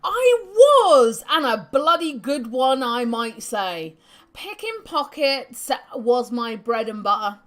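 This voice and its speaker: A woman's voice: a little high, big pitch swings, slow pace. A woman voicing a boastful old male ex-thief in a grungy put-on accent, reminiscing in a video game.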